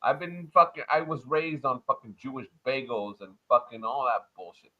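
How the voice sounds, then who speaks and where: A man from Montreal ranting crudely and loudly in a casual livestream chat. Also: mid-range voice, lively intonation, normal speed. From Montreal, Canada. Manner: loud, profane, swaggering rant. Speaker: livestream panel guest. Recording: muffled lo-fi online audio.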